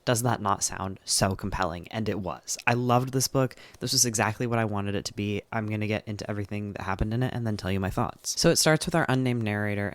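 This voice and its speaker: In a casual monologue, a book reviewer retells a book candidly, leaning on "like" and other fillers and dropping an occasional swear word. His voice is lowish, and the recording has no room sound.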